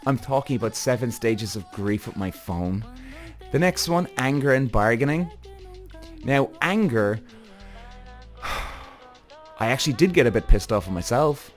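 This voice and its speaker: A man hosting a podcast in a casual monologue, animated, swearing freely and acting out his own thoughts. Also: medium pitch, unhurried, pauses often, soft background music. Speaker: podcast host.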